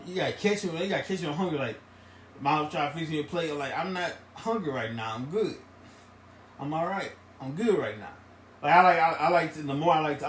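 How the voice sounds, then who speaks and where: A man's voice: a little high, far from the mic. A man, co-hosting a casual podcast, rambling through stories and repeating his phrases. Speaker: podcast co-host. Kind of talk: casual chat. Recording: echoey room with faint noise.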